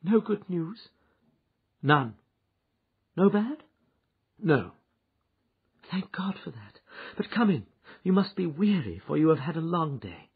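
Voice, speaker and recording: A man reading an audiobook, voicing an anxious, eager Victorian wife who presses with insistent questions, his voice raised high. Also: very animated, unhurried, long pauses, husky, exaggerated voice. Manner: pleading and insistent. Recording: dull lo-fi recording.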